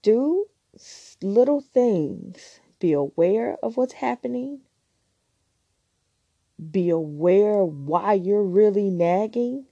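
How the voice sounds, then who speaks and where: Woman, podcast host, frank teasing advice, mellow low voice, dry close sound. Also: lively intonation, takes it slowly, no echo, lo-fi sound. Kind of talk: casual advice monologue.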